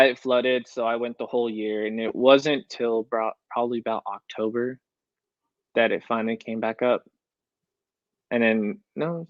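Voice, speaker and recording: A young man rambles through an interview story, replaying his own past reactions line by line. His middle-pitched voice sounds close and dry, with a slightly dull, lo-fi tone. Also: no room sound. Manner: storytelling, quoting himself with "I was like" often. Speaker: country recording artist, guest. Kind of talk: casual interview chat.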